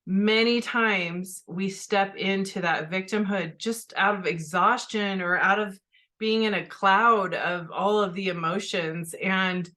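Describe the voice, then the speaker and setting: A middle-aged woman hosts a podcast, speaking in a mid-range voice that is steady, slow, pushed and bright. She candidly shares a personal story, then turns to coach her listeners directly, talking straight to them.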